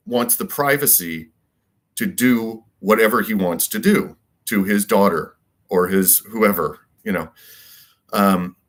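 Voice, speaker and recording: Man, low-pitched, rambling monologue, emphatic, repeats himself, asks rhetorical questions. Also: fairly bright tone. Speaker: political commentator.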